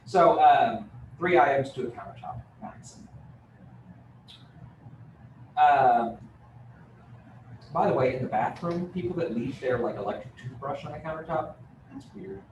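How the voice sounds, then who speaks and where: A man's voice: medium pitch, lively intonation, a little slow, pauses often, darkish tone, muffled recording. A man giving a live real estate training talk, conversational and joking, with many fillers. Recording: roomy, distant mic with room noise.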